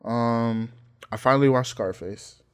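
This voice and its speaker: A young man co-hosting a casual podcast chat, telling stories in an animated, slangy way with frequent laughs. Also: medium pitch, measured pace, clear, resonant tone. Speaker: podcast co-host.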